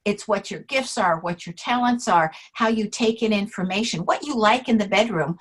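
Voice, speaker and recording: A woman interview guest, an author on names, telling anecdotes in a lively way, acting out the quotes and laughing often. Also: medium pitch, moderate pace, rough recording. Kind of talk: casual storytelling interview.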